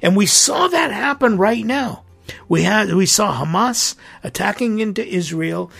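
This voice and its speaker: A man's voice: sits high, expressive, measured pace, gravelly, a bit bright, breathy edge. A middle-aged man, a priest hosting his own podcast, speaking in an earnest, indignant and emphatic monologue.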